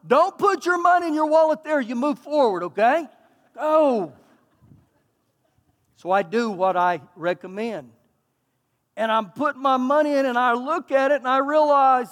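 A man with a Texan accent, a pastor preaching a sermon in an animated, folksy, self-mocking storytelling way, recorded in a church sanctuary. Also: extremely high pitch, normal speed. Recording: long hall reverb.

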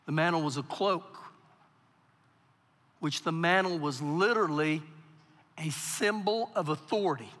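Man preaching, high voice, reverberant church hall. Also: unhurried, long pauses. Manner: preaching with big swings from quiet to loud. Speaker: pastor. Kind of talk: sermon.

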